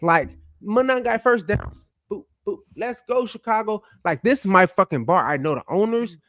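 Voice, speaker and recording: A man telling a story in casual podcast chat, loud and profane, animated, with sudden drops to mutters. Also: high voice, normal speed, no echo, clean studio sound. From United States.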